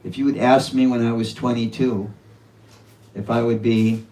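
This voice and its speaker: A man's voice: medium pitch, flat delivery, normal speed, far from the mic, low-quality recording. A man in his seventies giving an earnest devotional talk at a home gathering. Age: 70s. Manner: earnest, with warm laughter and quoted asides. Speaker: speaker at a devotional home program.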